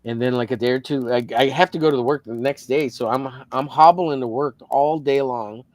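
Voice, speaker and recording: Dude on a stream mic, middle pitched, cussing and rambling, lots of restarts. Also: male voice, fairly quick, no echo. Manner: profane, rambling, restarts a lot. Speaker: co-host of a drawing livestream. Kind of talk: casual storytelling chat.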